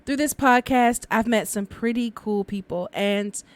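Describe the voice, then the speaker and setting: On her podcast, this storyteller shares folk tales casually and conversationally, with frequent laughter. She speaks unhurriedly in a slightly high voice, captured in a dry recording.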